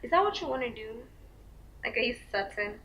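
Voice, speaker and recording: A young woman telling a storytime to her vlog viewers, full of fillers and likes, acting out quotes in a high squeaky voice. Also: very animated, a little fast, heavy background noise. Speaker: vlogger. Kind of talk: casual storytime chat. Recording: dull lo-fi recording.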